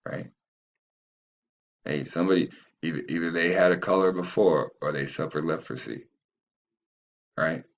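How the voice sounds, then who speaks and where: Slow, deep-voiced man reading and ranting. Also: vocal fry. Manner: profane, rambling, stumbles over names. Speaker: channel host. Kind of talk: reading aloud and commenting.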